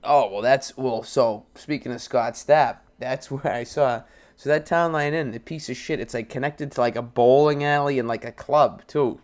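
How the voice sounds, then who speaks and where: A cocky, profane man talking. He boasts and needles his co-host in loose podcast banter, his voice sitting at a plain middle pitch. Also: moderate pace. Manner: brash, profane, swaggering. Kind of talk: crude casual podcast banter.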